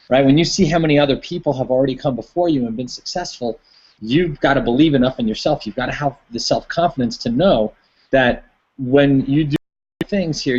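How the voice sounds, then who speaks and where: A man's voice: medium pitch, breathy edge, dull audio. A man giving a rambling motivational talk as host of an online hangout, full of fillers and folksy stories. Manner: rambling, filler-heavy, tells a folksy story.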